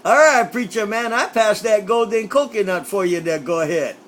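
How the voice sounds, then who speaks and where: Over CB radio with light static, a male operator with a high voice chats playfully at a moderate pace, tossing in a quacking catchphrase.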